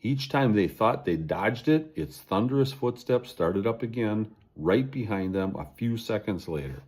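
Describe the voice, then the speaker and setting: Male narrator for a children's chapter book; low, husky, expressive read. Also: unhurried. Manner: expressive reading aloud. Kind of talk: storybook narration.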